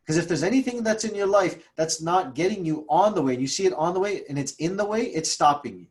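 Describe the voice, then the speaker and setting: Emphatic man, somewhat high voice. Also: animated, fast, hardly any pauses. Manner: emphatic, repetitive, restarts often. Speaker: guest speaker, trauma coach. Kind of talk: casual interview storytelling.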